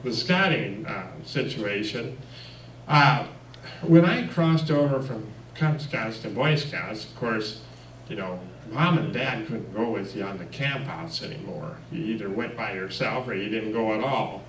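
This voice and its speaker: A man spins folksy personal stories at a church, chuckling between lines. He sits at a middle pitch. His voice carries from a distance in a reverberant room, with a faint hum of ambience behind him. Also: measured pace. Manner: folksy, lively anecdotes with chuckles and fillers. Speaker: guest speaker. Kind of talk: personal storytelling talk. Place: church hall. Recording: echoey room, mic far off.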